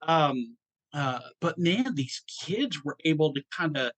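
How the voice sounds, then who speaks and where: A middle-aged man from Georgia, a podcast host telling a personal story in a halting, emotional way with many restarts. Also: on the high side, lively intonation, fairly bright tone, no echo.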